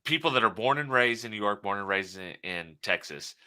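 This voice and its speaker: Co-host: man with a low, very bright, animated voice, blunt and opinionated. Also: brisk, clean tone. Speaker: podcast co-host. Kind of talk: casual chat.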